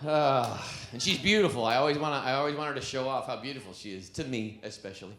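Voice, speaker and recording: A man performing a stand-up comedy set on a club stage, telling stories with an animated delivery. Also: mid-range voice. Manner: animated storytelling, breaks into laughs. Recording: echoey club with background noise.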